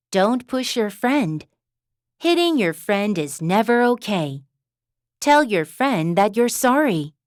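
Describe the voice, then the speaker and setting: A woman reads short parenting phrases slowly and with great care, her fairly high voice rising and falling in a lively, sing-song way. She sounds gentle and patient, as if she were talking to a small child. The recording is close and dry, with no room sound at all. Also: no echo. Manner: gentle, slow and clearly enunciated, as if speaking to a child. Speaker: example sentence reader. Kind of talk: scripted reading of parenting phrases.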